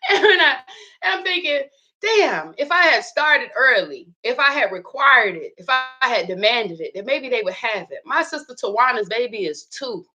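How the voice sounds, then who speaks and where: A woman's voice: fairly high pitch, expressive, normal speed, few pauses, bright, forceful tone, poor audio. A woman giving a casual motivational talk who laughs often, cusses freely and repeats lines for emphasis. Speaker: speaker sharing reflections.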